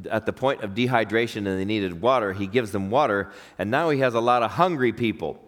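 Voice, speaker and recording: A pastor preaches a sermon, telling stories and acting out quoted voices with big swings in pitch.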